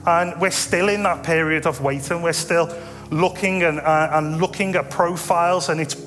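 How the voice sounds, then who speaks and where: A man, preaching a sermon in a conversational, self-deprecating way with animated asides. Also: a little high, moderate pace, faint music behind. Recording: long reverb in a large hall.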